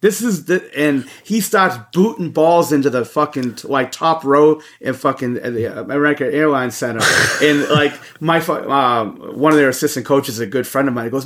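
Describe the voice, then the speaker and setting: A man co-hosting a podcast, telling a story in casual chat with heavy swearing and animated energy. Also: mid-range voice, moderate pace, hardly any pauses. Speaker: podcast co-host.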